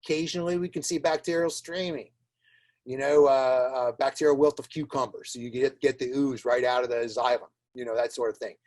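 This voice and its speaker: A man's voice: medium pitch, fairly even intonation, fairly quick, a little mellow. A man giving an informal webinar lecture on plant diagnostics, chatty and wry, full of fillers and repeated words. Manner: wry, laughs at his own jokes.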